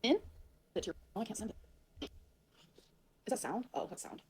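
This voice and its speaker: A woman's voice: on the high side, animated, moderate pace, a little hiss or hum. A woman on a livestream, rambling to her viewers in a flustered way and swearing a lot.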